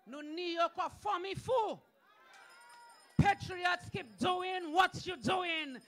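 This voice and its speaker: A Dominican man speaks at an outdoor rally, his voice very high and piercingly bright. He shouts repeated rallying calls with fiery force. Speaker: senator. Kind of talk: political rally speech.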